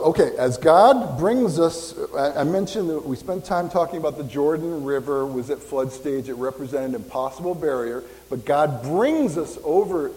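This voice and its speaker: A man's voice: fairly high pitch, a little mellow. A man in his fifties, a pastor preaching a casual, rambling sermon and joking with the congregation. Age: 50s. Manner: rambling, conversational, jokes with congregation. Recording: reverberant hall.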